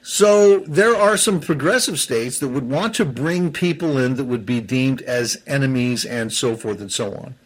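A man's voice: mid-range voice, measured pace, hardly any pauses. A man giving heated political commentary on a talk show, often stumbling and restarting his sentences as he gets worked up. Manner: heated, stumbles and restarts, self-described seething.

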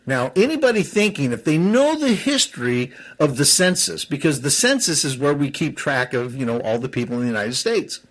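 On a talk show, a man with a mid-range, sing-song, somewhat bright voice talks briskly with few pauses, offering heated political commentary. Getting worked up, he often stumbles and restarts, calling himself seething.

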